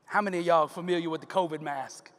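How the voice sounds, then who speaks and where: A man's voice: a little high, quick pace, fairly bright tone. A man giving a live motivational speech in a large event hall, rousing the crowd with preacher-like call-outs. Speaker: motivational speaker. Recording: long reverb of a large hall.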